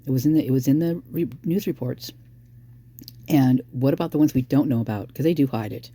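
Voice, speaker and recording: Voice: medium pitch, fairly quick, warm tone, slightly rough, dry recording. A true-crime commentator talking casually and speculatively straight to viewers, addressing them directly.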